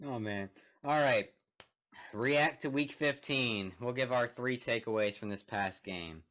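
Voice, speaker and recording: Relaxed young man running the show. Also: medium pitch, unhurried. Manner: relaxed, laughs along, runs the segments. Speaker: podcast co-host. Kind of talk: casual sports chat.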